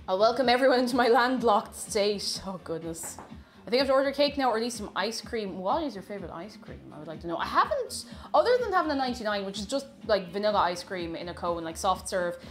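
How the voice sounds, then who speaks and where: A streamer with a mid-range voice bakes in her home kitchen during a livestream, chatting casually, gushing about food and reading viewer comments aloud.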